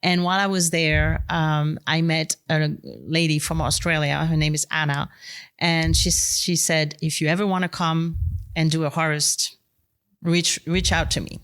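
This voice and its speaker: A woman in her sixties with a French accent, a guest winemaker telling her story in a relaxed interview. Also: deep voice, unhurried, clear, resonant tone. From France. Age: 60s. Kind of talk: interview conversation.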